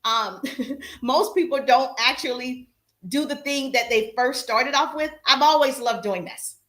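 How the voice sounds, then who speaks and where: Southern female sales coach, animated and direct, echoey room. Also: sits high, a little slow. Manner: animated, chatty, addresses audience directly. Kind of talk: live-stream coaching talk.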